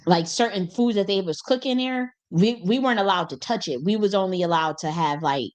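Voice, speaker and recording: A young woman hosting a casual storytelling monologue, animated and colloquial, laughing often and swearing freely. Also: mid-range voice, fairly quick. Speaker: host.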